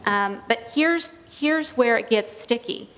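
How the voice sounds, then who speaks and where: A woman's voice: a little high, animated, fairly bright tone. Careful woman testifying in an echoing room. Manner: careful, measured, hedging. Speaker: witness giving testimony. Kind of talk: hearing testimony. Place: legislative hearing room. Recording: long reverb of a hearing room.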